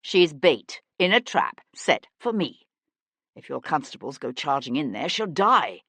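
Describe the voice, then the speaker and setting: A woman voicing an intense, earnest young aristocrat detective who speaks low and urgently and swears when angry. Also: very animated, unhurried, sharp tone, husky, no echo, full character voice. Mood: bitter.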